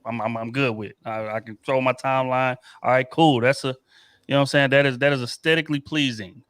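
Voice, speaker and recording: A man's voice: mid-range voice, steady tone, fairly quick, fairly bright tone, smooth, dry recording, clean studio sound. A young man hosting a casual podcast discussion, asking questions and hedging carefully with frequent restarts. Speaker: podcast host. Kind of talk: casual group chat.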